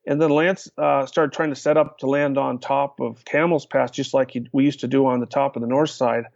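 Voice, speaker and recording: A man's voice: mid-range voice, moderate pace, vocal fry, dry recording. An older man telling stories as a podcast guest, acting out quotes with lots of uh fillers. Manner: lively storyteller, acts out quotes, many uh fillers. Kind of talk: storytelling in a podcast interview. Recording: dull lo-fi sound.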